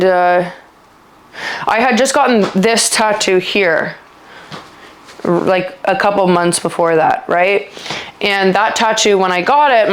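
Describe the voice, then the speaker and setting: A woman vlogger telling a personal story in casual chat, rambling with lots of filler words and sometimes halting and trailing off. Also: medium pitch. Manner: halting, trailing off when upset.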